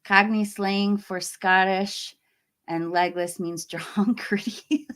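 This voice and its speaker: A middle-aged woman who hosts horror content on YouTube chats casually on a live stream, reading out viewer comments. Her mid-range voice is steady and fairly bright, and she talks slowly, laughs often, and lets sentences trail off.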